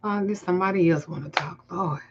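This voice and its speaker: A woman's voice: on the low side, fairly quick, muffled recording, background noise. A woman with a Southern US accent hosting a casual livestream, telling stories in loose, profane, laughing banter. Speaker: spiritual reader and livestream host.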